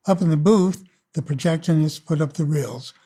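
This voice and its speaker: A man narrating his own memories for an audiobook in a relaxed, unhurried way. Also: a little high, breathy edge. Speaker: filmmaker. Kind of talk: oral-history audiobook narration.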